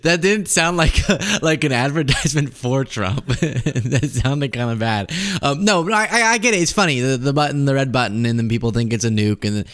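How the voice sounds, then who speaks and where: A man's voice: mid-range voice, fairly quick, hardly any pauses, a bit bright. A man hosting a political commentary show, talking casually and sarcastically and laughing often.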